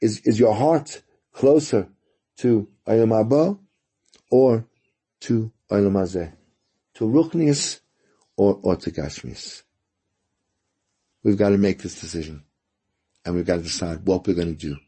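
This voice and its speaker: A male radio host telling a moral story in a Torah talk, halting and repeating words as he goes. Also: on the low side, mellow, breathy edge.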